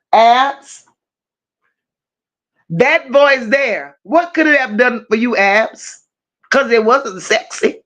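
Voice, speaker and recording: A woman's voice: a little high, fairly bright tone. A woman hosting a livestream, reading viewers' comments aloud and firing back with profane, teasing banter. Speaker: livestream host. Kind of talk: casual live chat reading comments.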